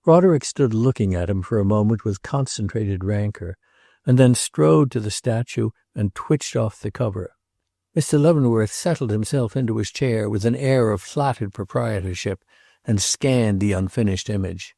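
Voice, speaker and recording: A man narrating a classic novel as an audiobook, in a measured, even literary reading. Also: on the low side, vocal fry, no room sound, studio quality.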